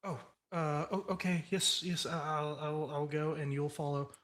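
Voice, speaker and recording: A man's voice: medium pitch, fairly even intonation, fast, fairly bright tone, natural voice. A man voicing a nervous young male production assistant who stammers in a tabletop game. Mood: flustered. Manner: stammering, flustered.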